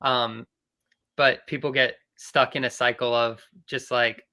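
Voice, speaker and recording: Bright, smooth-voiced male band member. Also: mid-range voice, unhurried. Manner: earnest, advice-giving, steady. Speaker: band member, podcast guest. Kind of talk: casual interview chat.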